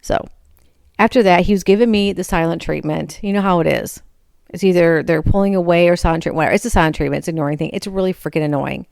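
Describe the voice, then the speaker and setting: A middle-aged woman tells a long, exasperated story in a casual, rambling way, with a gravelly edge running through her low voice. She often acts out what she said in a higher voice. The sound is dry and close, with no room behind it. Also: fast, a little mellow, no echo.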